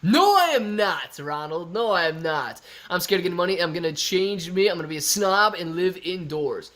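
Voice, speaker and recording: A man's voice: high-pitched, fairly even intonation, brisk, a bit bright. A man from Ohio hosting a stock livestream in a casual, chatty way, reading viewer comments aloud and answering them.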